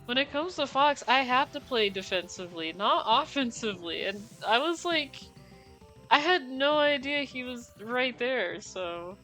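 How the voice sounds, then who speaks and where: A young woman with a high, bright voice talks casually while she plays a racing game on stream. She rambles with many fillers and laughs often as she apologizes. Game music plays faintly behind her. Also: lively intonation, unhurried, poor audio. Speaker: gaming streamer. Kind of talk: casual live-stream chat while playing.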